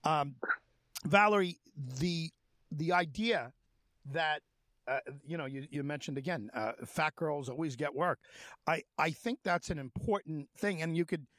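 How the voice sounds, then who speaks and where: Higher-voiced male interview host. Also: fairly bright tone, no room sound. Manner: halting, many fillers and restarts. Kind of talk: radio-style interview.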